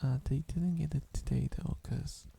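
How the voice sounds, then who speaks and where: A man rambling in soft-spoken ASMR style, drowsy and meandering, often dropping into a whisper on a close microphone. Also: mid-range voice, steady tone, normal speed, gravelly, a little hiss or hum. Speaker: ASMR streamer.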